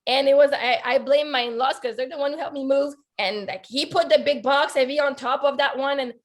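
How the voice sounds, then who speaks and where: A woman's voice: high voice, a little fast. A woman life coach telling a personal story on a video call, earnest and heartfelt, talking with lots of "like" fillers.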